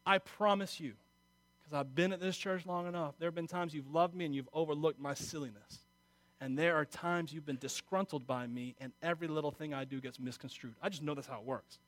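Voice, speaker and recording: High-voiced emotional preacher, man. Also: brisk, dry recording. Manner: emotional, swings from quiet confiding to loud exhortation. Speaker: pastor. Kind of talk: sermon.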